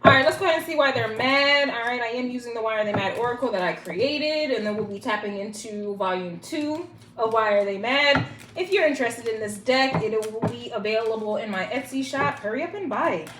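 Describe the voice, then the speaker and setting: Young woman tarot reader, cursing and playful, higher voice, noisy echoey recording. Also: animated, fairly quick. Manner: profane, playful, chanting rhymes. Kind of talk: casual tarot reading. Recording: echoey room with loud noise.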